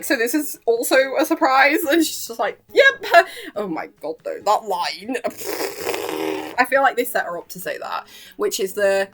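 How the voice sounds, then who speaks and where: A woman's voice: medium pitch, a bit bright. A young woman chatting casually about a cartoon episode, giggling often and acting out the characters' lines as she gushes. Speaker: YouTuber reviewing a cartoon episode. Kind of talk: casual reaction chat.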